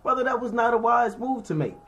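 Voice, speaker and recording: A man's voice: extremely high pitch, expressive, a little fast, a bit bright. A man teaching scripture informally, reading verses and explaining them in a slangy, conversational way while checking in with his listeners. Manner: reads verses then explains them with everyday examples.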